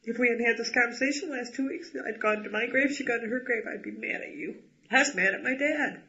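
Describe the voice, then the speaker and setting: Rich: A fairly high-voiced man with a bright, forward tone, speaking bluntly and with agitation as he works through a painful family history. He swears when he gets angry. The recording sounds dull and lo-fi. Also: fast, a little hiss or hum. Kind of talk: emotional personal conversation.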